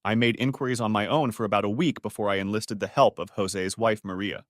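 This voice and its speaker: A man reading a first-person audiobook story in a steady storytelling manner. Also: on the low side, a little fast, dry recording, studio quality. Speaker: narrator. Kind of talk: scripted audiobook narration.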